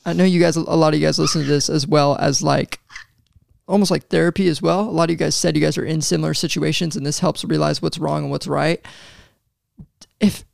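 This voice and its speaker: A man with a strongly gravelly, fry-heavy voice, co-hosting a casual podcast chat. He talks bluntly, swears freely and lectures listeners on relationships. The sound is close and dry. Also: a little high, steady tone, a little fast, no room sound. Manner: blunt, swears a lot, gives advice to listeners. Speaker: podcast co-host.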